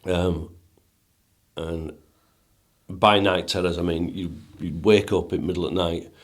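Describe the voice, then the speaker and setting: A man's voice: deep voice, fairly even intonation, unhurried. A middle-aged man with a Northern English accent, a musician and DJ telling a personal story in a casual, rambling way as a podcast guest. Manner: rambling, repeats and restarts words, earnest.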